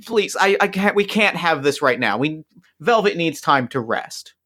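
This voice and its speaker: A man's voice: on the high side, animated, normal speed, sharp tone. A man voicing a smarmy male reporter who speaks in a reassuring, pleading tone. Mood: soothing.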